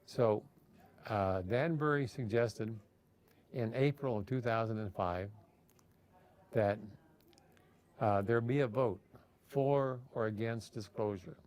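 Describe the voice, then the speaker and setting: A man's voice: medium pitch, slow pace, long pauses, a little mellow. A man talking casually as an interviewee, rambling with frequent fillers and restarts. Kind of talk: casual storytelling.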